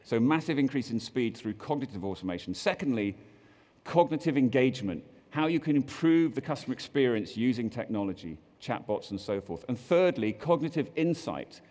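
A man's voice: medium pitch, expressive, fairly quick, darkish tone, long reverb tail. A man with a British accent giving a conference keynote, a joking presenter who reads out quotes in mock voices. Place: large conference hall.

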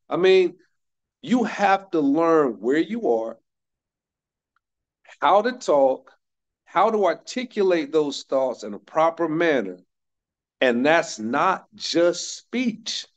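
A man's voice: a little high, dull audio. A man in his fifties from North Carolina, giving a motivational workshop talk, emphatic and repeating key phrases for stress. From North Carolina, United States. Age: 50s. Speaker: workshop speaker.

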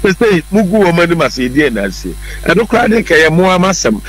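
A Ghanaian man argues his politics on a talk show, emphatic and repetitive, with English words mixed in. His high, sing-song, fairly bright voice moves a little fast. Soft music plays in the background, and the audio is poor.

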